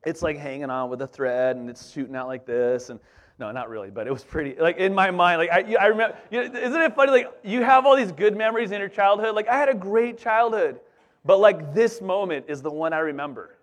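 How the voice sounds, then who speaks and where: A middle-aged man preaching as a pastor, telling a childhood story in a lively, conversational way full of asides to the congregation. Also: high voice, a little fast. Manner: animated, conversational, repeats "you know what I'm saying". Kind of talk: storytelling sermon.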